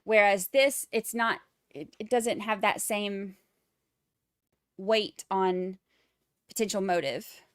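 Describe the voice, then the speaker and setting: A woman's voice: mid-range voice, slow, long pauses, a bit bright, dry recording, studio quality. A young woman with a Southern US accent hosting a casual livestream, chatting loosely and reading viewer comments aloud. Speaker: livestream host.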